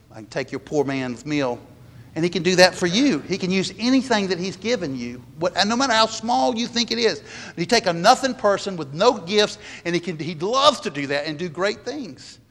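A man's voice: sits high, fairly bright tone. A man, a pastor preaching a sermon earnestly and repeating words as he stresses each point. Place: church sanctuary. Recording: long hall reverb.

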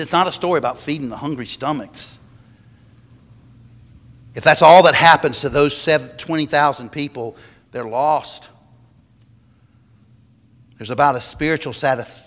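A man's voice: medium pitch, normal speed, pauses often, a bit bright. A man, a pastor preaching a sermon earnestly and repeating words as he stresses each point. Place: church sanctuary. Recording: long hall reverb.

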